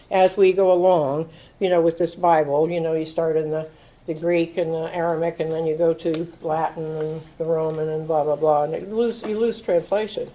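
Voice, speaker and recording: In her sixties, a woman speaks at AA, giving a recovery talk as an animated storyteller who acts out quotes and laughs often. Her voice is lowish, and the recording is low quality.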